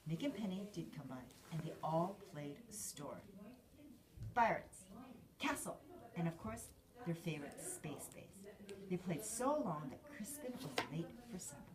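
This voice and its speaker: A woman's voice: on the low side, unhurried, crowd noise. A woman reading a children's story aloud, acting out each character as she goes. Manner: lively, acts out each character. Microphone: filmed on a handheld camera.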